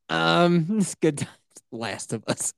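A woman's voice: low-pitched, takes it slowly, creaky, no echo, clean studio sound. A woman podcast host in casual banter, teasing her co-hosts with crude jokes and frequent laughter.

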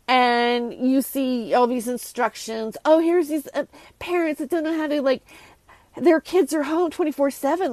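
A woman's voice: high-pitched, no echo. A woman hosting a casual solo rant, exasperated and sarcastic, rambling with many restarts. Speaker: host.

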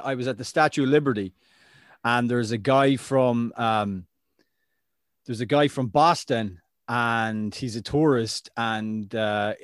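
A man's voice: mid-range voice, no room sound, clean studio sound. A man, co-hosting a sports podcast and telling chatty anecdotes. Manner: chatty storyteller, lively anecdotes. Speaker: podcast co-host. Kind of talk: casual chat.

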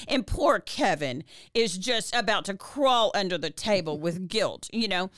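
A woman podcast co-host, telling a personal story in casual chat, animated and full of restarts. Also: normal speed, few pauses, no room sound, clean studio sound. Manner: animated, many restarts, pitch rises when reliving tears. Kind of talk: casual storytelling to her husband.

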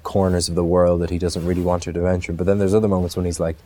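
A man's voice: low voice, level tone, very fast, mellow. A man from Ireland, an actor, answering interview questions in a thoughtful way, with many restarts and fillers.

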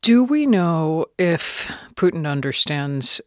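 A woman hosting a radio news program, asking measured, probing interview questions into a studio microphone. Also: deep voice, sing-song, no room sound.

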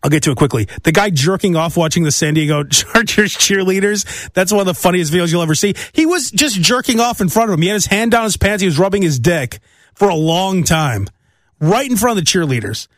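A man rambles through a comedic solo monologue, his high voice swinging widely as he acts out the people in his stories. The sound is close and dry, with no room around it. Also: a little fast, no room sound. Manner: rambling, animated storytelling with mimicked voices. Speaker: podcast host.

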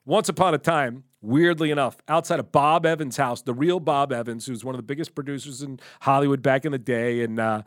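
A middle-aged man co-hosting a podcast, telling animated stories with free swearing and acting out his own lines. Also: medium pitch, a little fast, hardly any pauses, no echo, studio quality. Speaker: podcast co-host. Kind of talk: casual storytelling chat.

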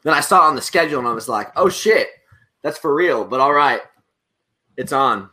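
A man's voice: medium pitch, fairly quick, sharp tone. A man chatting casually as a podcast guest, easygoing and joking.

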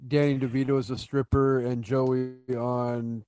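A man's voice: mid-range voice, little pitch movement, unhurried, a little mellow, clear, resonant tone, dry recording, soft background music. A man who is a podcast guest, talking in a loose way with lots of fillers. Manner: loose, filler-heavy talk. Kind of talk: casual chat.

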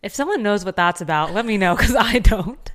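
A woman's voice: mid-range voice, expressive, a little fast, fairly bright tone. Playful young woman with Valley Girl accent. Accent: Californian Valley Girl. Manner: playful, joking, slips into giggles. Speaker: podcast co-host. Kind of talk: casual chat.

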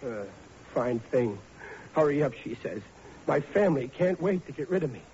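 A man's voice: mid-range voice, expressive, moderate pace, warm tone, lightly acted. An actor playing a bumbling, blustering working-class father with a Brooklyn accent, in 1940s radio sitcom style. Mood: sulky. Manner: blustering, whiny, ungrammatical. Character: bumbling middle-aged working-class father, aircraft riveter. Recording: lo-fi old radio broadcast with faint hiss.

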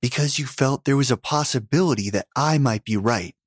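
A man's voice: mid-range voice, brisk, slightly rough, dry recording, studio quality, pitched above the performer's own voice, lightly acted. A man reading a story, voicing a grieving, determined young woman who speaks in a tight, strained voice. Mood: strained, defiant.

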